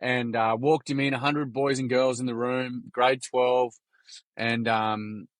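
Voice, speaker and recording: A man's voice: mid-range voice, takes it slowly, dry recording. An Australian man who founded a youth workshop group, telling stories in casual chat, slangy and acting out quotes. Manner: animated, slangy, acts out quotes.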